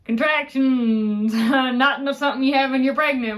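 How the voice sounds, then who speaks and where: A woman's voice: high voice, moderate pace, rough recording. A woman with an Appalachian accent, co-hosting a casual chat and laughing often. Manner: chatty, laughs often, excitable. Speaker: co-host.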